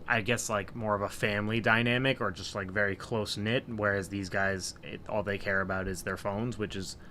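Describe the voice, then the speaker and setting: A man with a low but bright, forward voice talks through sports news in a casual podcast chat. He lays out his opinions at length and argues his points. A faint hiss of room noise sits behind him. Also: steady tone, a little fast. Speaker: podcast co-host.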